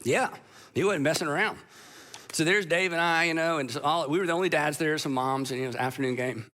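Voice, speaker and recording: A man's voice: fairly high pitch, fast, sharp tone. A man preaching a sermon to a live audience, telling stories in a conversational way with self-deprecating humor. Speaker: pastor.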